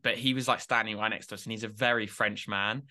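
Brief: young male co-host, rambling casual banter, bright forward tone. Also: fairly low pitch, steady tone, fast. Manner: rambling, self-deprecating, addresses listeners. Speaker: podcast co-host. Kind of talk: casual chat.

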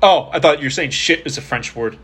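Bright-voiced, easygoing podcast man. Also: on the high side, animated, fairly quick, breathy edge. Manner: easygoing, teasing. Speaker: podcast co-host. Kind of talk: casual chat.

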